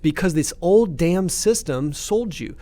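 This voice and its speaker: A man speaks in an impassioned podcast rant, emphatic and fired up, often restarting mid-sentence. His voice sits a little high for a man. The recording is dry and close, with no room echo at all. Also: animated, unhurried, warm tone. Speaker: company CEO, podcast guest expert. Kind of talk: passionate podcast talk.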